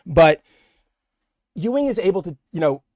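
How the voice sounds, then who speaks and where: A young man with a slightly high voice co-hosts a casual comic book podcast. He rambles animatedly, restarts his sentences, and drops into quick impressions of characters. The sound is dry and close to the mic. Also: sing-song, a little mellow, no echo. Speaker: podcast co-host.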